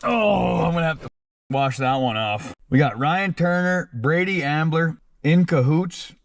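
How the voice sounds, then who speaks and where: A man's voice: on the high side, moderate pace, no room sound. A man hosting his own channel, reading out supporters' names in a casual, crude, joking way, full of slang. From Canada. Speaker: channel host. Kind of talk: casual patron shout-outs.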